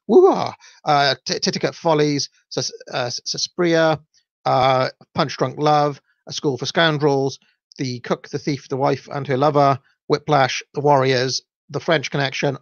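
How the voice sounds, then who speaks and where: A man's voice: mid-range voice, flat delivery, unhurried, no room sound, muffled recording. A Welsh man hosting his own show, talking casually and rambling with many fillers and self-deprecating asides. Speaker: podcast host. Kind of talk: casual solo livestream talk.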